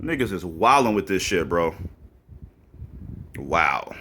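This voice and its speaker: A man's voice: deep voice, sing-song, slow, a little hiss or hum. A man ranting to camera in a vlog, profane and combative, firing off rhetorical questions and breaking into mocking laughs. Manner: mocking laughs and loud outbursts. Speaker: vlogger.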